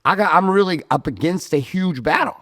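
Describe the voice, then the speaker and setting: A man's voice: high voice, animated, a little fast, a bit bright, no room sound, clean studio sound. A man in his forties co-hosting a podcast, blunt and profane, joking about a fight with his wife. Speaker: podcast co-host. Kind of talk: candid couple's chat.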